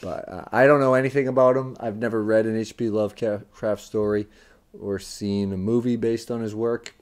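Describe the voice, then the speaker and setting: A man's voice: on the low side, steady tone, moderate pace, a little mellow. Dry-joking man co-hosting a podcast. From United States. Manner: dry, joking, defensive banter. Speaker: podcast co-host. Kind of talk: casual chat.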